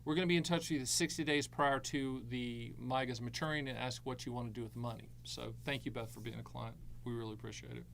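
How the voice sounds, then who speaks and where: A man's voice: medium pitch, fairly even intonation, fast talker, gravelly, few pauses, fairly bright tone, slight background noise. A middle-aged man hosting a live Q&A as an annuity advisor, answering viewer questions with breezy, jokey salesman patter.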